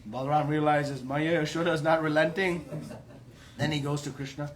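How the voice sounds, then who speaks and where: A man's voice: fairly high pitch, steady tone, moderate pace. A man giving a devotional class, telling a story with emphatic rhetorical questions. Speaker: preacher.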